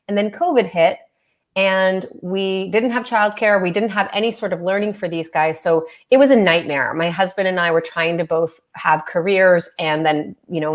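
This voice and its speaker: A Canadian woman with a bubbly, chatty manner and frequent laughter. She talks casually as a guest on a podcast, with a voice of middling pitch. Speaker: business coach and author, podcast guest. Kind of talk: casual interview chat.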